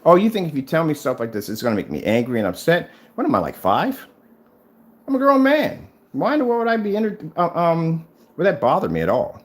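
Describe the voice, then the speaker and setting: A man in his fifties recording a confrontational vlog at home, goading a rival again and again to prove his claims. His pitch swings widely, leaping up high whenever he repeats the challenge, and he keeps a mocking, needling tone throughout. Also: very animated, fast. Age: 50s. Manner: taunting and repetitive, pitch jumping up on challenges. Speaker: DIY projector screen paint vlogger. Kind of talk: confrontational video rebuttal. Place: at home, showing his screen.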